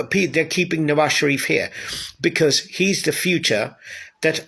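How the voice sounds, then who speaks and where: A man ranting about politics in a heated, sarcastic way, firing off rhetorical questions. His voice is gravelly and husky and sits a little high for a man. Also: a bit bright. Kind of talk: angry political rant.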